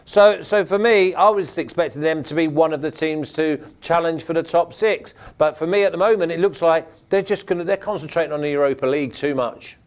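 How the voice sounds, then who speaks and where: A man hosting a betting panel, briskly reading out odds and passing questions to the others. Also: fairly high pitch. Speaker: host. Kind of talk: casual panel chat.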